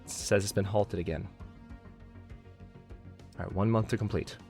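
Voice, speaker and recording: A man's voice: fairly low pitch, steady tone, moderate pace, a little mellow, soft background music. A man hosting a gameplay video, commenting as he plays and growing exasperated, talking to himself. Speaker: let's play host.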